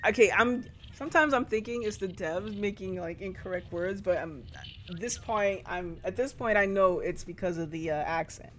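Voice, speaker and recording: A woman's voice: medium pitch, normal speed, fairly bright tone, a little hiss or hum. A woman streamer chatting casually while playing a game, rambling through restarts and laughing often. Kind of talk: casual live-stream commentary while gaming.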